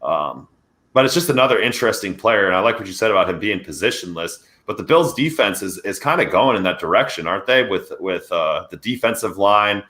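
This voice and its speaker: Man with a low, bright voice. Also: fairly quick. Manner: energetic, conversational football analysis. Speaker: podcast co-host. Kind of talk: casual sports podcast discussion.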